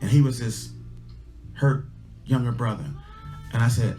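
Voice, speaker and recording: A man's voice: mid-range voice, normal speed, long pauses, darkish tone, faint music behind. A man, telling a personal story in an earnest, conversational way with many restarts. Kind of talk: casual storytelling talk.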